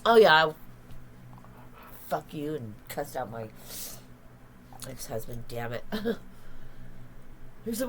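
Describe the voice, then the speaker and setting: A woman's voice: sits low, very animated, takes it slowly, long pauses, slight background noise, rough recording. A woman in her fifties, tearful, talking in a raw, emotional, confessional vlog and swearing freely. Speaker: spiritual channeler and vlogger.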